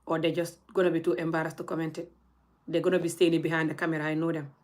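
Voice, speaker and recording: A woman's voice: sits low, level tone, rapid-fire. A young woman, scolding her audience in a blunt, heated rant straight to camera. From Gambia. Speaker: vlogger.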